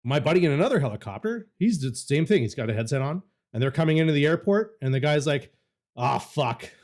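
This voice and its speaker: A man's voice: fairly high pitch, animated, fast, darkish tone. A young adult man on a podcast, telling a story in a casual way and swearing freely. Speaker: podcast co-host.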